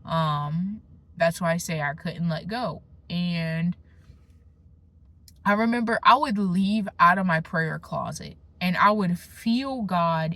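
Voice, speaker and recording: In a casual vlog, a young adult woman shares her personal faith testimony, speaking emphatically with slangy asides and restarts. She swings from animated bursts to hushed, low moments, and the recording is dry.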